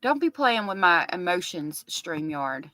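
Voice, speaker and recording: A woman's voice: lowish voice, sing-song, a little slow, sharp tone, no echo, rough recording. A middle-aged woman hosting a casual livestream, chatting with viewers and reading their comments aloud. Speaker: livestream host covering a trial.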